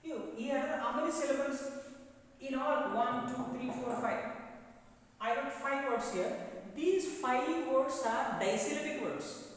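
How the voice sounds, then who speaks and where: A man teaching an English pronunciation lesson, slowly drilling words and repeating them for his students. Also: very high-pitched, a little hiss or hum. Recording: echoey room from far off, faint ambience.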